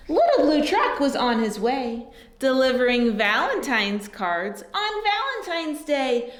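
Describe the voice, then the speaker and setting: High, lively woman reading to kids. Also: unhurried, echoey room. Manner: sing-song, animated picture-book reading with soft whispered asides. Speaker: storyteller teaching baby signs. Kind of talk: read-aloud for young children.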